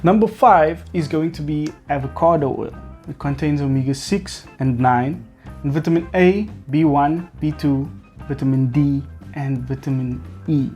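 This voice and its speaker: A man's voice: fairly high pitch, normal speed, darkish tone, faint music behind. A man hosting a beard care video, explaining products with playful, teasing asides.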